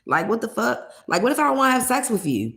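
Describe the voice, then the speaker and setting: A woman's voice: fairly high pitch, sing-song, quick pace, fairly bright tone. A young woman chatting bluntly and profanely with viewers on a livestream, laughing between points. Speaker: live streamer. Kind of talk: casual livestream chat with viewers.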